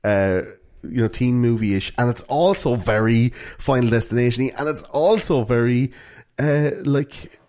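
A man's voice: medium pitch, unhurried. A man co-hosting a true-crime podcast in casual chat, rambling with lots of fillers. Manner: rambling, animated, many fillers. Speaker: podcast co-host.

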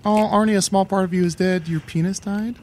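A man's voice: steady tone, brisk, a little mellow, slight background noise, lightly acted. A man voicing a dim, blunt male talking badger who teases his friend on an improvised comedy podcast. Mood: teasing. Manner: blurting, teasing, wide pitch leaps.

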